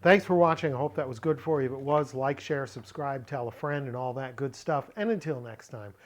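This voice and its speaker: A man teaching a biblical Greek lesson, reading phrases slowly and deliberately, with frequent fillers and small self-corrections. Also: medium pitch.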